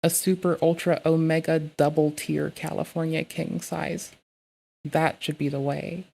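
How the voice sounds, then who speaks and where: A woman streaming live, chatting casually with heavy swearing and bursting into loud, excitable rants. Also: low-pitched, a little slow, gravelly.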